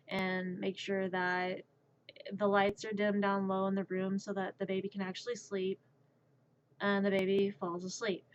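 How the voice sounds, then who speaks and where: A woman's voice: mid-range voice, a little hiss or hum. A woman streamer telling a casual story, rambling and stammering, often repeating her words. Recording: muffled lo-fi stream audio.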